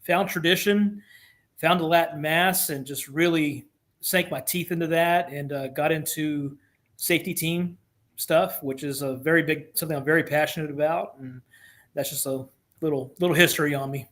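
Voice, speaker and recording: Guest: forties, light West Texas twang, slightly high voice, earnest storyteller, many restarts. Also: male voice, fairly even intonation, normal speed, a bit bright. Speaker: guest, Navy veteran. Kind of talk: conversational interview.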